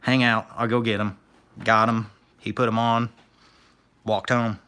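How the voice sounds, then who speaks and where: Speaking unhurriedly in a low, level voice, this scrapper streamer sounds bright, clean, and forceful. He chats casually on a live stream, telling laid-back stories and thanking viewers while reading the chat aloud.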